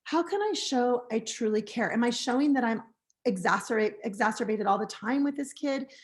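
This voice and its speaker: An American woman presenting a teaching webinar, gently and earnestly contrasting harsh phrases with supportive ones. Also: on the high side, lively intonation, moderate pace. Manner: gentle, earnest, reads example phrases aloud. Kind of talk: recorded webinar lecture.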